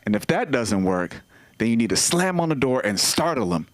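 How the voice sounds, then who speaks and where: A man performing a stand-up comedy set at an open mic, telling animated stories and acting out the voices of people and dogs. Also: medium pitch, moderate pace.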